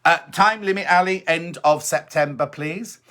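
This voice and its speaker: A man hosts a sewing live stream from his home, chatting in an upbeat way, repeating his points and reading viewer comments aloud. His voice sits on the high side with a sharp tone, and he talks at a normal speed.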